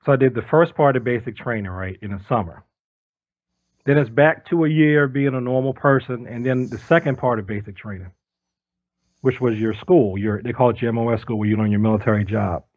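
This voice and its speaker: A man in his forties, a guest on an interview show, telling stories in a lively way and acting out the voices of the people in them. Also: mid-range voice, fairly quick, dry recording, narrow, tinny audio. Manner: lively storyteller who acts out quoted voices. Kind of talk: casual storytelling interview.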